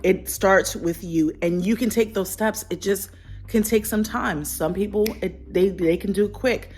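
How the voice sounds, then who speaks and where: Woman vlogger, candid and heartfelt talk to camera, repeats herself for emphasis, soft music under. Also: mid-range voice, a little slow. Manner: earnest, reflective, repeats phrases for emphasis. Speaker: lifestyle vlogger.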